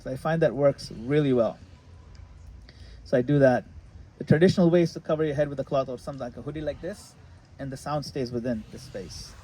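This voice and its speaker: A man leading a retreat session, explaining a practice in a relaxed, casual way and sometimes laughing at his own jokes. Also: mid-range voice, brisk, slightly rough, low-quality recording. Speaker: retreat leader answering questions. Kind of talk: casual teaching in a group session. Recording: faint background noise.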